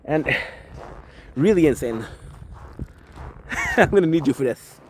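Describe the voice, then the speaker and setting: A man's voice: on the high side, huge pitch swings, takes it slowly, a little hiss or hum. Rambling man vlogging outdoors. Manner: rambling, profane, self-reflective. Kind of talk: casual vlog monologue. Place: outdoors on a skateboard in the snow. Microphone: handheld camera, self-filmed. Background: faint street ambience and passing cars.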